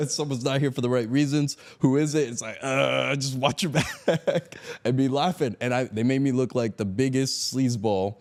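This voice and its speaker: Hardly pausing, a medium-pitched male guest from Miami talks at a moderate pace on an interview podcast. He's an animated storyteller who laughs frequently and acts out quotes.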